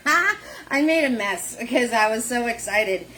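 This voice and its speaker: A woman leading a live painting lesson, chatty and warm with viewers, greeting them by name in sing-song hellos. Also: fairly high pitch, lively intonation, a little slow, background noise. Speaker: painting instructor.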